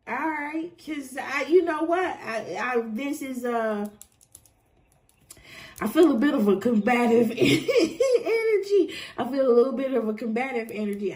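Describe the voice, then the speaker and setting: High, lively, unhurried woman reading tarot. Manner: blunt, swearing, laughing often, talking straight to the viewer. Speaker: tarot reader. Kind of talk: casual pick-a-card tarot reading.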